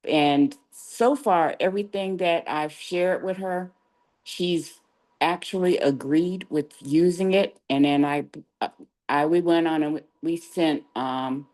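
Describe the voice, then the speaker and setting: An older woman with a low voice tells a personal story at a slow, easy pace. She is chatty and breaks into laughter now and then, quoting family members as she goes. She speaks through a video-call microphone. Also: darkish tone. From California. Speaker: caller sharing a testimonial. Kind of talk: casual storytelling.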